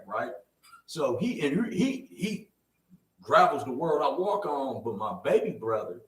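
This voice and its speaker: A young man co-hosting a podcast, telling stories in a casual, animated way and loudly acting out the people he quotes. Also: medium pitch, recorded from a distance. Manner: animated storyteller, acts out quoted voices loudly. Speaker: podcast co-host. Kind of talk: casual storytelling chat. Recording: roomy sound from away from the mic.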